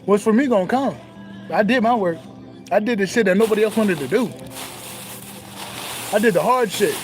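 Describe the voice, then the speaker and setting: A man's voice: sits high, animated, normal speed, pauses often, faint music behind, poor audio. A young man, talking casually and profanely with swagger, laughing often. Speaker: spiritual talk host. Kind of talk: casual spiritual monologue.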